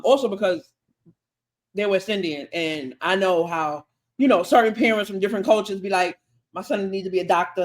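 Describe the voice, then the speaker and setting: Podcast co-host, casual storyteller, chatty, mid-range voice. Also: mid-range voice. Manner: chatty, drawn-out anecdote with quoted dialogue.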